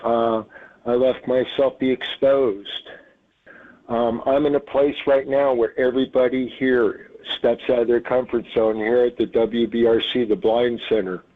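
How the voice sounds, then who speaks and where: A man calling in to a radio show over the phone, speaking haltingly with many pauses and fillers. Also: mid-range voice, flat delivery. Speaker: caller. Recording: tinny phone line.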